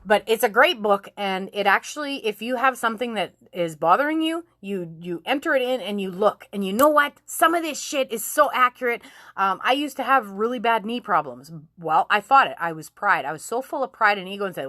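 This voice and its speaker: A woman's voice: mid-range voice, lively intonation, moderate pace, a bit bright, no echo, studio quality. A woman in her forties, a nurse and vlogger, talking candidly and emotionally, swearing freely and often laughing. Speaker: nurse and self-help vlogger. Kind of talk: candid motivational vlog talk.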